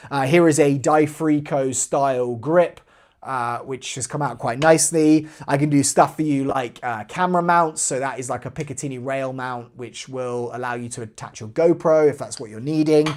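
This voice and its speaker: A man hosts a live airsoft stream for his channel, chatting casually and reading viewer comments aloud between talk of a giveaway. His voice is medium in pitch and moderately paced.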